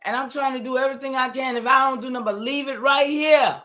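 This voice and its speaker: Speaking fast in a high, steady voice that comes across pushed and bright, an older woman chats with her livestream audience. She wanders from point to point with plenty of emphasis and replies to the chat.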